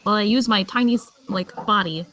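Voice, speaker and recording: A woman playing a character in a tabletop game, chatty and quick to giggle. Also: mid-range voice, background noise. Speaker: player. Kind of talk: casual tabletop game play.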